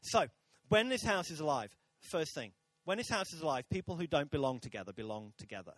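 A man's voice: fairly high pitch, sing-song, a little fast, fairly bright tone, no echo. A man preaching a sermon to a congregation in a church, chatty and jokey, talking with the crowd. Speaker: pastor. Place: church auditorium.

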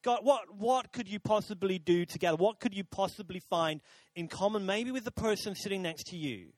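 A man's voice: high voice, a little fast, a little mellow, dry recording. A man preaching a sermon to a congregation in a church, chatty and jokey, talking with the crowd. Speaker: pastor. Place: church auditorium.

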